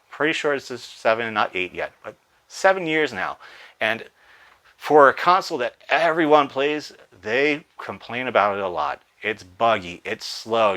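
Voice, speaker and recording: A man's voice: mid-range voice, bright, forceful tone. A man hosting a gaming channel, giving casual, rambling commentary with many fillers.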